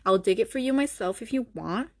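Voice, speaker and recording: A woman's voice: fairly high pitch, lively intonation, brisk, darkish tone, dry recording, studio quality. A young woman hosting her own podcast, ranting bluntly and sarcastically with lots of swearing. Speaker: podcast host. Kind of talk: solo podcast rant.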